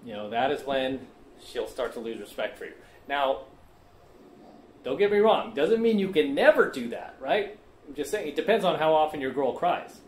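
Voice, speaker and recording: A man lectures his audience on dating in a blunt, preachy way, often tagging his points with a quick "right?" or "okay?". He is recorded in an echoey room with faint ambient noise behind him. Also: fairly high pitch, big pitch swings. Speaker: dating coach reacting to a clip. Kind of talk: casual commentary monologue.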